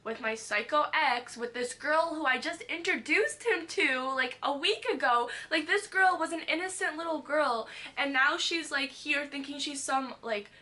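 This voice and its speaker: A woman's voice: high voice, normal speed, hardly any pauses. A young woman vlogger telling a wild story from her past in a storytime vlog, full of "like" and swearing, acting out what people said. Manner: fillers "like" constantly, animated retelling, swears.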